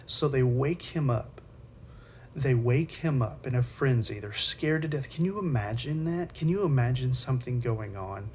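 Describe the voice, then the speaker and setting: A man's voice: mid-range voice, slight background noise. A man teaching Sunday school, retelling a Bible story in a casual, conversational way with slangy asides.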